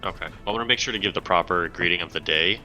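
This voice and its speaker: A man's voice: sits low, racing, sharp tone, soft background music. A man taking part as a player in a tabletop game, laid-back and playful. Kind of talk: casual tabletop play.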